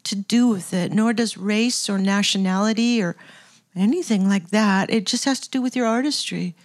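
A woman's voice: medium pitch, normal speed. An older woman talking in an interview, telling stories in a reflective, chatty way with frequent laughs and restarts. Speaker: guest, record producer turned scientist. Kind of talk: casual interview storytelling.

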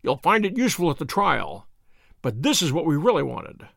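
A man reading the part of a sharp, cool male detective with a curt, commanding manner. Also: fairly high pitch, sing-song, normal speed, creaky, no room sound, clean studio sound, heavily acted.

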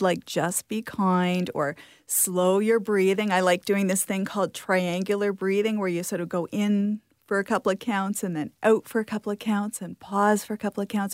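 A woman's voice: medium pitch, no echo. Casting: woman, parenting expert guest, reassuring and chatty, dry close sound. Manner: warm, reassuring, chatty with light laughs. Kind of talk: interview answers.

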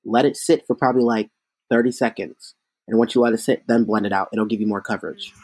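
A man's voice: on the low side, fast, husky, no room sound. Chatty drag queen man, dry sound. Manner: chatty, animated anecdotes with many fillers. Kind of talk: casual interview storytelling.

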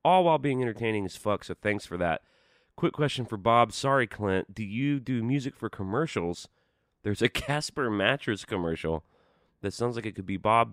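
A man's voice: on the low side, no room sound, studio quality. A man hosting a podcast, teasing his guest playfully and reading listener emails, with a slight lisp. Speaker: podcast host. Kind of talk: casual podcast chat.

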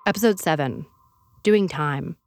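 A woman hosting a podcast, giving measured, dramatic scripted narration. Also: low-pitched, darkish tone, a little hiss or hum. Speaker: podcast host.

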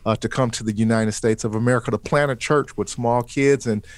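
This podcast host speaks at a medium pitch in a steady tone, fairly quickly, over a dry recording. On his faith-based interview show, he keeps affirming his guest and often interjects "praise God" and "amen."

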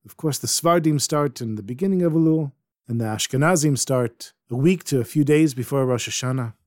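A man telling a folk story aloud in a lively way, dropping in Yiddish words. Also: medium pitch, fairly quick, no echo, studio quality. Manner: animated, sprinkles Yiddish words. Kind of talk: oral storytelling. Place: Jerusalem.

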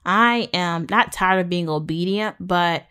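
A woman's voice: fairly low pitch, a little slow, sharp tone, clean tone. Earnest young woman sharing her faith. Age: 20s. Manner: rambling, earnest, many fillers and restarts. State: tired. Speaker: podcast host. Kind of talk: faith-based personal talk.

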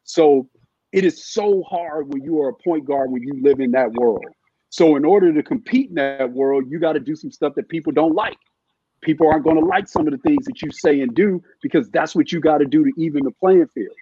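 A middle-aged man with a husky, slightly higher voice chats about basketball as a guest, stopping and restarting his sentences. The sound is dull and lo-fi, with a dry, close feel. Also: mellow, dry recording. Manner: halting, with many restarts and fillers. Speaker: guest, former NBA scout. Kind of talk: casual podcast chat.

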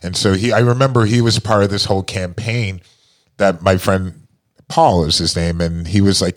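A middle-aged man, the guest, telling his story in casual talk, halting with fillers and restarts. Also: low-pitched, fairly even intonation. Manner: halting, full of fillers and repeated starts.

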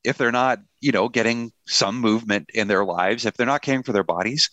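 A man's voice: mid-range voice, brisk, fairly bright tone, dry recording. A middle-aged man, a pastor and author, talking earnestly in a conversational interview with a touch of self-deprecating humor.

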